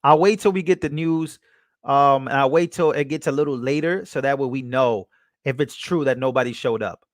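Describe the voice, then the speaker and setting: A man's voice: medium pitch, moderate pace, no echo. Male streamer, casual running commentary, repeats lines, dry close mic. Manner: casual, repetitive, reacts to clips. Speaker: livestream host.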